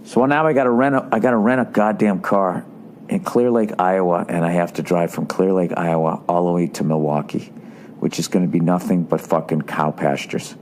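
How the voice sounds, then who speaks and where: A man hosting a podcast, telling a rambling comic story with animated, profane ranting. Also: deep voice, moderate pace, a little hiss or hum. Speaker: podcast host.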